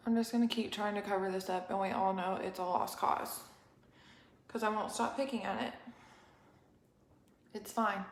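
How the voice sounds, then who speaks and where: A woman's voice: mid-range voice, fairly even intonation, moderate pace, pauses often. A young woman hosting a casual live-stream makeup tutorial, chatty and rambling, a bit out of breath. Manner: chatty, rambling, apologetic asides. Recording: echoey room.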